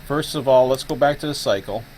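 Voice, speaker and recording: A man's voice: mid-range voice, brisk, darkish tone, a little hiss or hum, poor audio. A man hosting a live stream who explains a setup casually, thinking aloud with plenty of fillers. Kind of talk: casual screen-share explanation.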